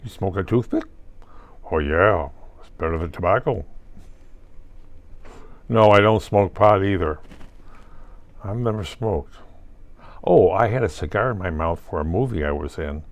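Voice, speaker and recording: Older man, gravelly and unhurried, talking to himself in a wry, wandering monologue. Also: low-pitched, animated, dry recording. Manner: muses aloud, asks and answers himself with wry asides. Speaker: vlogger. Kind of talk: rambling solo monologue.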